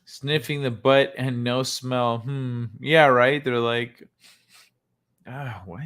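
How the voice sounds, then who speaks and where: A man's voice: mid-range voice, flat delivery, slow pace, a bit bright, clear, resonant tone. A man hosting a casual livestream, reacting to clips in a laid-back way, laughing often and swearing freely. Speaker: livestream host.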